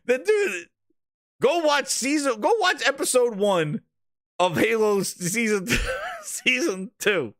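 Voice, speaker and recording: A man hosting a casual livestream, ranting about games in a profane, excitable way with frequent laughter. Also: very high-pitched, slow pace, dry recording, studio quality. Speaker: gaming news streamer.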